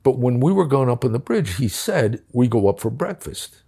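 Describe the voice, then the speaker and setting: A man's voice: mid-range voice, big pitch swings, moderate pace, vocal fry, warm tone, breathy edge. An older man telling a war story from his police days, blunt and profane, acting out the dialogue. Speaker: former police commissioner. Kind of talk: casual storytelling.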